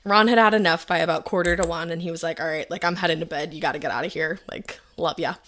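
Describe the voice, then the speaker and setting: A woman's voice: on the low side, fairly even intonation, fast, a bit bright. A woman podcast host retelling events in a casual, chatty way, full of fillers and quoted lines. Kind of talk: casual true-crime storytelling.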